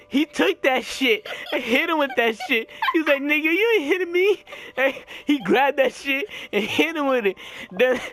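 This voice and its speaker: A young man telling a story in casual chat, slangy and profane, animated and laughing, acting out the people he quotes. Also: high-pitched. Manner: slangy, profane, repeats filler "right?".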